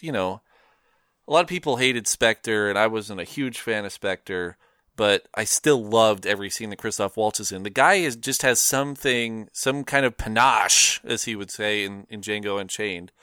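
A man's voice: on the low side, bright, forceful tone, clear, resonant tone, no room sound, clean studio sound. A man co-hosting a podcast, chatting casually about films, rambling with lots of fillers and frequent laughs. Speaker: podcast co-host. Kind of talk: casual film discussion.

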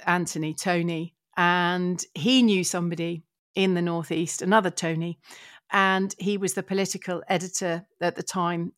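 A middle-aged woman from England, a podcast guest telling her career story in a lively, earnest way with many restarts. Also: lowish voice, dry recording, clean studio sound. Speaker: guest, broadcaster and child therapist. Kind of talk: personal storytelling in a podcast conversation.

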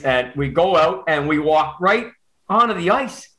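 A Canadian man telling a personal story in casual chat, animated and quick with restarts. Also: a little high, rough recording.

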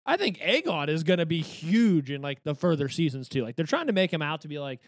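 A man co-hosting a podcast, talking in an animated, rambling way with lots of fillers. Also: fairly high pitch, fairly quick, no room sound, clean studio sound. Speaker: podcast co-host. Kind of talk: casual chat.

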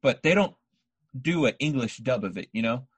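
A man's voice: mid-range voice, expressive, moderate pace, slightly rough, dry recording. A man co-hosting a podcast, chatting casually and bluntly, scornful as he reviews a movie over a remote call. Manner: blunt, ranting, scornful of the film. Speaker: podcast co-host.

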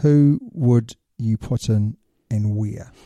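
A man's voice: on the low side, takes it slowly, dark tone, no room sound. A man co-hosting a podcast, chatting casually and explaining his points at length. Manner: explains at length, setting up questions. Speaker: podcast co-host. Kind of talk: casual chat.

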